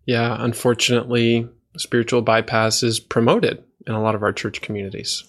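A man's voice: mid-range voice, flat delivery, brisk. Attentive male podcast host. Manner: attentive, gently probing questions. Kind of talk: conversational podcast interview.

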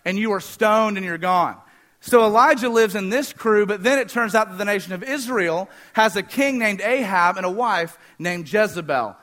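Man preaching, high voice, fast and energetic, joking with the crowd. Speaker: pastor. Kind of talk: sermon.

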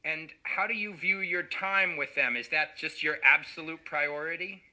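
A man interviewing a guest, asking gentle questions and often repeating words as he starts. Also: a little high, moderate pace, low-quality recording.

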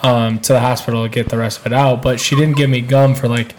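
A man telling a long, rambling story on a podcast, laughing now and then. His voice sits at an ordinary middle pitch. The talk is loose and casual. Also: level tone, quick pace, a little hiss or hum. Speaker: podcast co-host. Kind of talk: casual chat.

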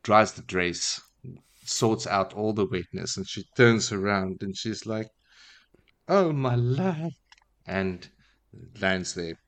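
A man hosting a podcast, casually retelling a book chapter in a relaxed, wry way with many fillers. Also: deep voice, slow pace. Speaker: podcast host.

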